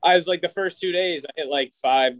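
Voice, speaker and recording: A young man tells loose, rambling stories as a podcast guest, acting out everyone's lines as he goes. His voice sits fairly high, and the recording is dry and close. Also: brisk, fairly bright tone, dry recording, low-quality recording. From Massachusetts. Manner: rambling storyteller, acts out quotes. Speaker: comedian guest. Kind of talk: casual podcast chat.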